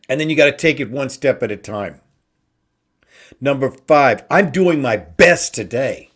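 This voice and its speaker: Slow, emphatic male motivational host. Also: medium pitch, expressive, husky. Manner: slow, emphatic, repeats key phrases. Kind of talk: inspirational talk show monologue.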